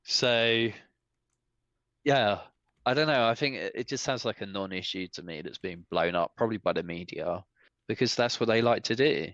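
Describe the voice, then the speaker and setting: A man hosting a podcast, his voice fairly low and a touch dull in tone. He rants in an opinionated, animated way. The room around him sounds dry. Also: normal speed, dry recording. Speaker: podcast host. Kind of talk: casual podcast chat.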